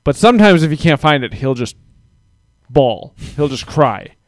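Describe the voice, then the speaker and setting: A man's voice: fairly high pitch, very animated, normal speed, no room sound, clean studio sound. A man in his thirties, a father of young kids, rambling through a casual story with lots of swearing. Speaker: podcast co-host. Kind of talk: casual chat.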